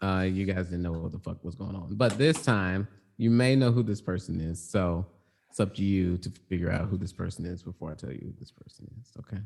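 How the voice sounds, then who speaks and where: A man co-hosting a casual comedy podcast, telling a story with joking, deadpan delivery. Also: low voice, a little fast, creaky.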